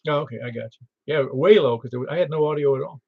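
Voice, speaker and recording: A man hosting a ham radio net in casual chat, chatty and quick to tell stories. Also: a little high. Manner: chatty, storytelling, laughs easily. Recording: muffled lo-fi radio audio.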